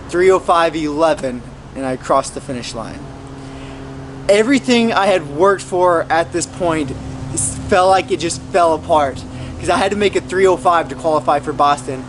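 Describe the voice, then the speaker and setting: A man's voice: high-pitched, a little hiss or hum. A young man earnestly recounting the last miles of his first marathon in a casual story.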